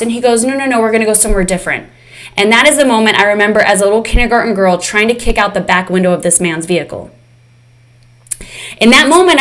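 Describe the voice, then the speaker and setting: Woman coach, slightly raised pitch, open and heartfelt, talking straight to her group. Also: fairly bright tone. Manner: candid, emotional, speaks directly to "you guys". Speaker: fitness and mindset coach. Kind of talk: live online coaching session.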